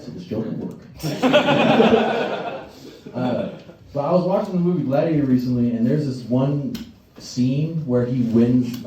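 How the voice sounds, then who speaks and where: A man's voice: medium pitch, mellow, muffled recording. A male stand-up comedian doing a crude, rambling set and laughing at his own jokes. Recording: echoey room, distant mic, faint noise.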